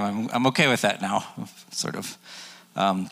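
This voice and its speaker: A man's voice: deep voice, moderate pace, gravelly, a bit bright, slightly rough. Conversational preacher in his forties, echoing hall. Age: 40s. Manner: conversational, jokey, acts out quotes. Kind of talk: sermon. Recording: long echo of a large hall.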